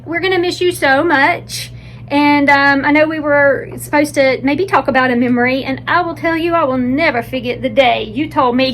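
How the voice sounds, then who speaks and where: A woman's voice: sits high, animated, normal speed, a little hiss or hum, low-quality recording. A woman from a breast center staff giving an affectionate, grateful farewell message.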